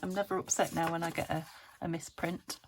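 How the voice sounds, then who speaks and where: A British woman talks through her crafting at home, thinking aloud and drifting into soft, half-muttered asides. Her voice sits on the lower side and carries a gravelly fry. A steady background noise runs under the recording. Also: fairly quick. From United Kingdom. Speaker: craft vlogger. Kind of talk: casual chat while crafting.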